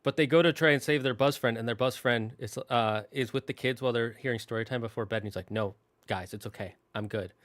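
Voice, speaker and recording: A man's voice: mid-range voice, fairly even intonation, fast, few pauses, fairly bright tone, dry recording. A male host casually retelling a movie's plot, rambling with fillers and acting out the characters' lines. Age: adult, married. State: tearing up at times. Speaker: show host.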